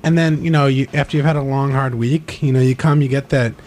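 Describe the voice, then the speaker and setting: A man's voice: medium pitch, steady tone, brisk, darkish tone. A man co-hosting a comedy radio show, bantering in a playful, jokey way. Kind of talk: casual comedic chat.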